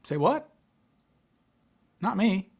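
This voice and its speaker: A man's voice: sits high, sing-song, extremely slow, vocal fry, breathy edge. A man hosting a casual livestream, talking in a loose, chatty way, stuttering often and repeating and restarting his words. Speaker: livestream host.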